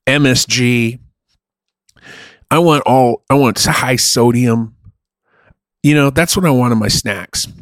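Guy ranting on a podcast, swears a ton, dry close sound, middle pitch. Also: slow, long pauses, dry recording. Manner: blunt, swears a lot, rants. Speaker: podcast co-host. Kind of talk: casual profane chat.

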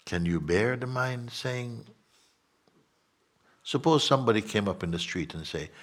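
A man guiding listeners as a spiritual teacher, soft-spoken, often dropping to a whisper and playfully acting out voices. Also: lowish voice, animated, measured pace, pauses often.

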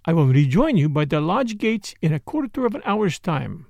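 A man's voice: a little high, sing-song, moderate pace, gravelly, darkish tone, no room sound, heavily acted. A man voicing a sly, courteous foreign detective who speaks formally and blandly.

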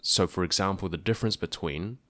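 A man hosting a podcast, explaining a language in a clear, methodical way with dry asides. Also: low-pitched, a little fast, fairly bright tone, no echo. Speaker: podcast host teaching about a language.

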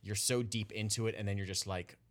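Low-voiced man, relaxed podcast talker, meandering and hedging. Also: a little fast. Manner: rambling, hedging with likes and I-means. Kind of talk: casual chat.

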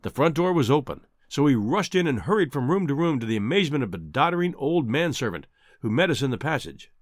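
A man giving scripted audiobook narration in a measured, expressive storytelling manner. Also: mid-range voice, no room sound, studio quality.

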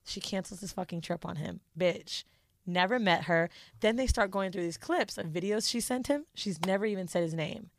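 A woman co-hosting a podcast, telling a long reality-show story in a profane, animated, casual way. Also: mid-range voice, normal speed, no echo. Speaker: podcast co-host.

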